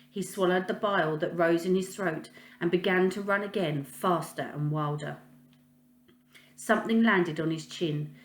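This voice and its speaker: Woman teacher, calm read-aloud narration, lowish voice, roomy echo. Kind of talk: reading a children's novel aloud. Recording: echoey room.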